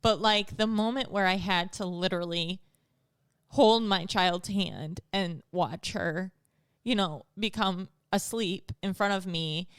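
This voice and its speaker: A woman's voice: medium pitch, a little slow, fairly bright tone, clear, resonant tone, dry recording, clean studio sound. A woman in her thirties co-hosting a podcast, chatting and telling a personal story with many "like" fillers. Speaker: podcast co-host. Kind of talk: casual chat.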